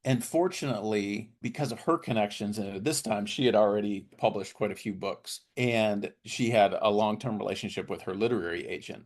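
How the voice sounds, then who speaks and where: A middle-aged man, a guest author, telling his story in a podcast interview and lively acting out the people he quotes. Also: lowish voice. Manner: animated storyteller who acts out quoted voices.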